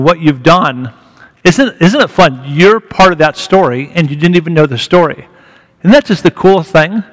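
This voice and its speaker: A man speaking as a guest at a church, telling a story to the congregation in a candid, conversational way with rising emphasis. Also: a little high. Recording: reverberant church hall.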